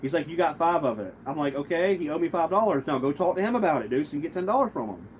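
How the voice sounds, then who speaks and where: Male livestreamer, higher-pitched, profane and aggrieved, rambling retelling; muffled lo-fi audio with faint hiss. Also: lively intonation, very fast. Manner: rambling, with many restarts and quoted back-and-forth. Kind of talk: casual livestream rant. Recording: muffled lo-fi stream audio, faint background noise.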